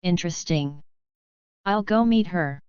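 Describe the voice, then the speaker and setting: A woman's voice: lowish voice, expressive, a little slow, clean tone, no echo. Woman reading as a boisterous giant pirate brawler. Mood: teasing. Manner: loud, teasing. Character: huge brawny male pirate axe fighter, boisterous. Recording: dry, slightly dull lo-fi sound.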